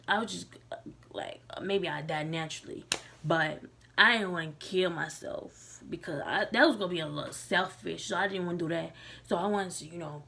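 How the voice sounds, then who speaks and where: A woman's voice: fairly low pitch, creaky, bright, forceful tone, slight background noise. A young woman talking casually to her camera, loose and candid, with many likes and restarts. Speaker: vlogger.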